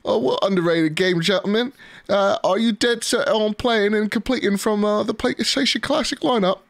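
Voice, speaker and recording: A pompous, posh British gentleman, as a man puts him on, hammy and high-pitched, pushing the accent hard. The voice sounds close and dry, with no room around it. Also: normal speed, dry recording.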